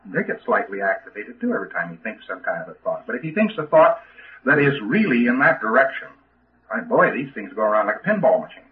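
A man's voice: mid-range voice, very animated, fast. Folksy man lecturing on a tinny tape. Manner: folksy and emphatic, with frequent restarts. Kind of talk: informal lecture to trainees.

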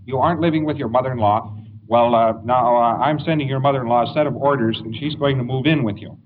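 Lecturer voicing a pushy block commissar handing down orders; officious; muffled tape. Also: male voice, medium pitch, fast, natural voice. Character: bossy male block commissar. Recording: dull lo-fi tape with faint hiss.

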